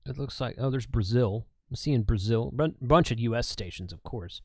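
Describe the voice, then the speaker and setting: A man hosting a livestream, talking casually in a relaxed way and laughing often. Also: mid-range voice, normal speed, slightly rough, no echo, clean studio sound. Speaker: livestream host.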